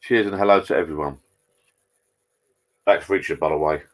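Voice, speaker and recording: Man, deep low voice, laid-back live stream host, rambling chat, greeting viewers by name, talking into a laptop. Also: moderate pace. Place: garden bar at home.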